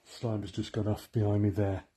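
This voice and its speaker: A man co-hosting a ghost hunt livestream, talking quietly and greeting viewers one after another inside an old cottage. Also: fairly low pitch, level tone, moderate pace, slight background noise. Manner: hushed, rattling off greetings to viewers. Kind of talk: casual livestream chat. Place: old abandoned cottage, indoors.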